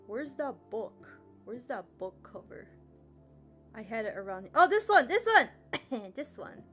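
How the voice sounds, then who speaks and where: A woman's voice: a little high, big pitch swings, unhurried, a bit bright, faint music behind. A woman giving a casual history lesson on a livestream, chatty and rambling, full of fillers and laughs. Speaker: history streamer teaching a lesson.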